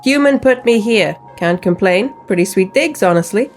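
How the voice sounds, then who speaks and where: A woman's voice: medium pitch, lively intonation, normal speed, soft background music, natural voice. Easygoing talking goat, unbothered and casual, raised voice, played by a woman. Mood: laid-back.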